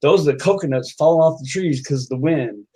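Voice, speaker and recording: Man doing calm woman, own voice, matter-of-fact. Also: a little high, brisk, a little hiss or hum, close to an everyday voice. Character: heavyset woman, calm and unbothered.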